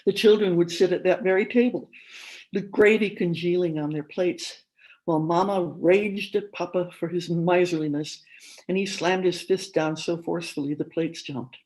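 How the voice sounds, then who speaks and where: A woman speaking at a conference, reading a literary story aloud in a measured narrating manner. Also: fairly low pitch, steady tone, darkish tone, low-quality recording.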